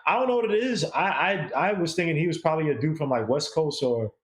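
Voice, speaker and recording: A man's voice: on the high side, lively intonation, fast, echoey room. A man co-hosting a casual music review, talking in a rambling, chatty way. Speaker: co-host.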